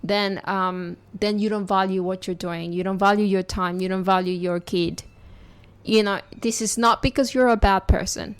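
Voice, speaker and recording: A woman's voice: mid-range voice, steady tone, moderate pace, clean tone. Earnest, reassuring woman podcast host. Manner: earnest, reassuring, speaks directly to listeners. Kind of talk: encouraging podcast talk.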